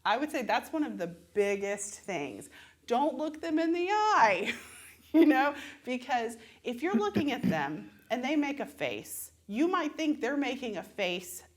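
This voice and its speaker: A woman's voice: a little high, big pitch swings, a little slow, darkish tone. A woman with a Southern American accent teaching musical theatre audition tips in a chatty, conversational way, often laughing and acting out examples.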